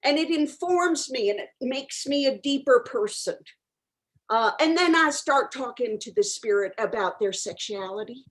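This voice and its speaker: A woman's voice: fairly high pitch, animated, moderate pace, close to an everyday voice. A woman playing an eccentric self-declared medium who answers questions in a rambling, frank way, full of ums and uhs. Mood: earnest. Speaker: guest answering audience questions. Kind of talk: improvised character comedy.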